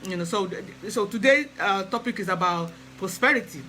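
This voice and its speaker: Man, high and sharply bright voice, relaxed hesitant live-stream host who chats with viewers. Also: a little fast, slight background noise, rough recording. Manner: chatty, hesitant, greets viewers by name. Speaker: spiritual practitioner hosting a live stream. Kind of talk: casual live-stream talk. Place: lives in England.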